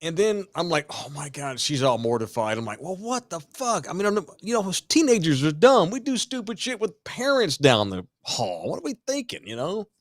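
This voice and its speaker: A man telling a wild story on a casual podcast, animated and swearing freely. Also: on the high side, normal speed, hardly any pauses, no echo, clean studio sound. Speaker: podcast host.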